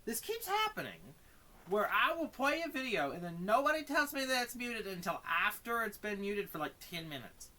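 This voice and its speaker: Young guy streaming, exasperated rants, voice jumps all over, bright and sharp. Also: high voice, expressive, brisk, hardly any pauses. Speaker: streamer reacting to a video. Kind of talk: live stream reaction commentary.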